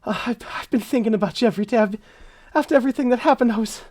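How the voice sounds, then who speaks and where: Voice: medium pitch, normal speed, darkish tone, slightly rough. A game master voicing a tender woman reunited with a loved one, who halts and stumbles over her words. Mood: tearful.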